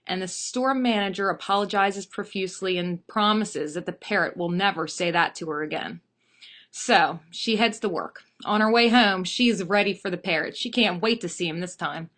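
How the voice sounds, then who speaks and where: A woman's voice: medium pitch, normal speed, a bit bright. A woman in her thirties, telling a joke and then chatting playfully about herself and her work. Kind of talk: storytelling to an audience.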